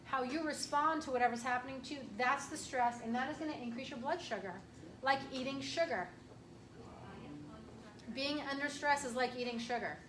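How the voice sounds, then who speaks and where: A woman chiropractor giving a casual, emphatic health workshop talk to an audience, clearing her throat often. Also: sits high, normal speed. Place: room with an audience. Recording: echoey room from far off, faint hiss.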